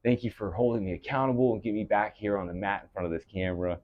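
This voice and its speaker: A man teaching yoga, giving calm breath-paced cues and gentle encouragement, out of breath. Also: lowish voice, very fast, no echo, highs cut off. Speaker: yoga instructor. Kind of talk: guided yoga cueing.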